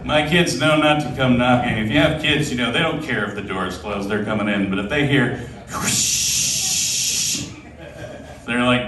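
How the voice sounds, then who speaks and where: A man in his thirties doing a stand-up comedy set on a club stage, telling self-deprecating stories in a deadpan way. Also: medium pitch, measured pace, slight background noise. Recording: roomy club from a distance, crowd.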